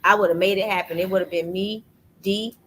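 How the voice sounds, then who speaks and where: A woman talks casually about faith, telling a personal story with lively energy. She acts out the voices of people she quotes. A faint background hum sits under her voice. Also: mid-range voice, brisk, low-quality recording. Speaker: podcast host. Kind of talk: casual faith testimony chat.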